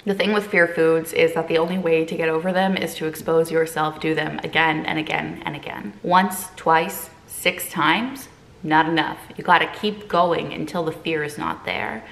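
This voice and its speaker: A woman's voice: sits low, fairly even intonation, normal speed, creaky, fairly bright tone, echoey room. A woman in her twenties from Quebec, talking casually to camera in her home kitchen as she cooks. Her tone is upbeat and encouraging, with playful asides. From Quebec, Canada. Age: 20s. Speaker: eating disorder recovery coach and vlogger. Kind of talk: casual cooking vlog talk to camera.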